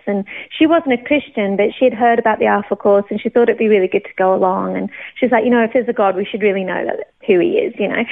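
A woman tells her own faith story in an emotional, heartfelt way, often breaking into laughter. Her voice sits fairly high. The audio is thin and narrow, like a phone line. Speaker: church member sharing her testimony. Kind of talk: personal testimony. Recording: tinny phone-like sound.

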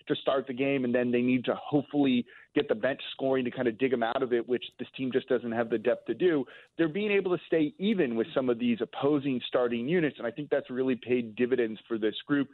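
A man calling in as a team analyst on sports talk radio, giving steady, detailed analysis. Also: mid-range voice, dry recording. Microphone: phone call. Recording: tinny phone line.

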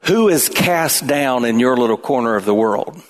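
A man pastor preaching a sermon in an animated way, his voice climbing toward near shouts at times. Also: medium pitch, moderate pace.

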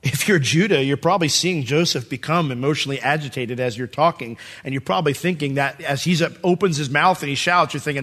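A male pastor preaching a sermon in a church, animated and acting out the scene in different voices. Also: on the high side, fast talker, hardly any pauses.

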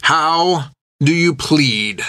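A man voicing a smug, menacing pirate captain who speaks in a slow, metered, gloating way. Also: on the high side, expressive, pushed and bright, smooth, no echo, studio quality, voice pushed up, exaggerated voice. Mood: cold, menacing.

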